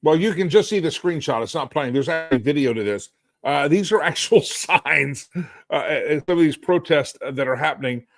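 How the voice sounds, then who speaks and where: Middle-aged male host, sarcastic, animated, slightly high-pitched voice, dry close sound, rambly live-stream delivery. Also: moderate pace, gravelly, no room sound. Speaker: talk show host. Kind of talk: live political commentary stream. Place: hotel suite.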